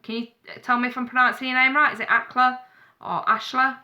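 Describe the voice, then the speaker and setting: A woman's voice: fairly high pitch, level tone, racing, dull audio. A woman giving a live-streamed tarot reading, chatty and frank, calling viewers darling and sweetheart. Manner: blunt, frank advice with swearing. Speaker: tarot reader.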